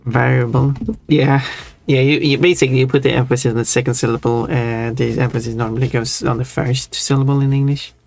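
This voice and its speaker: A man's voice: mid-range voice, steady tone, quick pace, few pauses, darkish tone, soft background music. A man in casual stream chat who thinks aloud, chatty and easily drawn into tangents about language.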